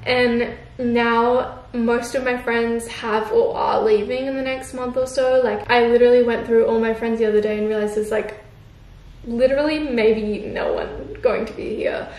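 A young woman talking to camera in a soft, heartfelt, casual way, full of "like" fillers. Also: a little high, fairly even intonation, normal speed. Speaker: vlogger. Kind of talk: casual reflective chat to camera. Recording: roomy with faint background hiss.

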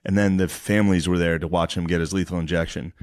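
A young man with a lowish voice jokes along on a podcast and breaks into laughter while telling his own stories. The recording is dry and close, with no room sound. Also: fairly even intonation, fast talker, darkish tone, no room sound. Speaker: podcast co-host. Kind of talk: casual chat.

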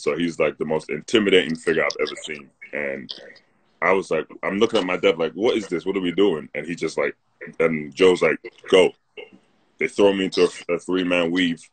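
A man's voice: very deep voice, fairly bright tone, a little hiss or hum, poor audio. A man with a London accent, from North London, telling a laid-back story in a casual chat on a live phone stream. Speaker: co-host. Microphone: phone on a live video stream.

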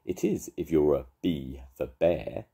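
A man voicing a small, polite young bear who is eager and earnest, talking in excited, breathless exclamations. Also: extremely low pitch, unhurried, vocal fry, husky, exaggerated voice. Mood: cheerful.

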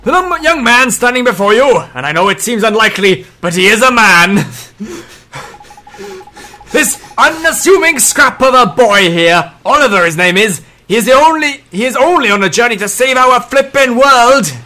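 A man's voice: extremely high pitch, expressive, normal speed, bright, forceful tone, voice pushed up, exaggerated voice. A man voicing a cheeky, pompous male fairy lord in a fan dub of a game, talking in a theatrical, flowery way. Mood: grand.

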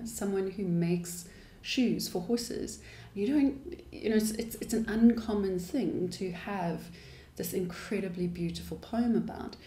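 A woman's voice: fairly low pitch, mellow. A woman, an English teacher explaining a poem in a thoughtful, explanatory way. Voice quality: thoughtful, explanatory manner with restarts. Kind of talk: poetry lesson. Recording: echoey room.

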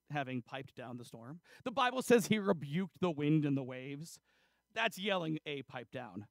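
A man's voice: fairly high pitch, fairly bright tone, no room sound. A man preaching a casual, chatty sermon, retelling a story with lots of fillers and acted-out dialogue. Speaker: pastor. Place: church.

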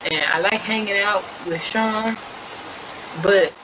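A woman's voice: mid-range voice, slow, noisy background, lightly acted. A woman voicing a hurt fifteen-year-old girl who pleads to be accepted by her family. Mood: pleading.

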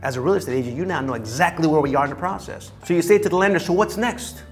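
A man teaching real estate in a lively, theatrical way, acting out the conversations he describes. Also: fairly high pitch, very fast, soft background music. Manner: lively, theatrical, acts out dialogues. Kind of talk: animated teaching talk.

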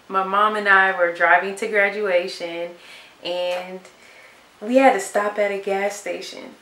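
A young woman vlogger talking softly and from the heart, in a casual chat to camera. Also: mid-range voice. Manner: soft-spoken and heartfelt. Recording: echoey room with faint hiss.

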